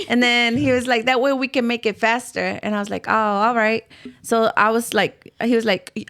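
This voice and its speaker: A woman's voice: a little high, steady tone, a little fast, a bit bright. Woman, middle-aged, casual podcast chat, rambling storytelling. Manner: rambling, swears, acts out quotes. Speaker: podcast host.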